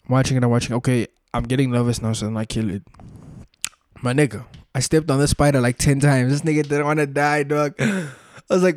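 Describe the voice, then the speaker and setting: A young man hosts his podcast alone, rambling through casual stories in loose street slang. His voice sits in a middle pitch. The recording is dry, with no room echo. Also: fairly even intonation, a little fast, darkish tone. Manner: slangy, laid-back storytelling with frequent filler tags. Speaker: podcast host. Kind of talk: casual solo podcast chat.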